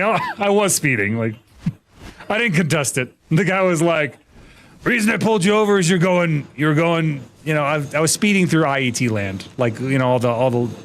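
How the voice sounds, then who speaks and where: A man's voice: on the high side, slight background noise. A young American man chatting casually on a gaming livestream, rambling and profane as he tells stories and greets viewers. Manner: rambling, profane, animated storytelling. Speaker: streamer.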